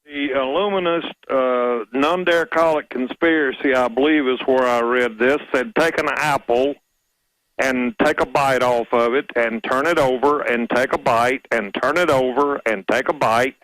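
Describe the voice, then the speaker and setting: A man calls in to a radio talk show and speaks slowly and carefully. His voice sits at an ordinary pitch. The sound is close and dry. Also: fairly bright tone, no echo, poor audio. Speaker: caller. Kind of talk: phone-in radio call.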